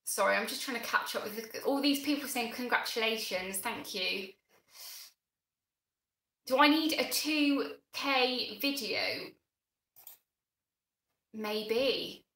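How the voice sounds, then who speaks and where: A woman hosting a gardening channel's live stream chat, flustered and excitable, halting with many restarts. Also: on the high side. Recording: roomy room echo.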